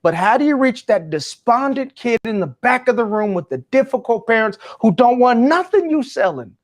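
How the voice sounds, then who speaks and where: A man's voice: extremely high pitch, sing-song, moderate pace, pitched above the performer's own voice. A man voicing an earnest male teacher who is pleading for advice.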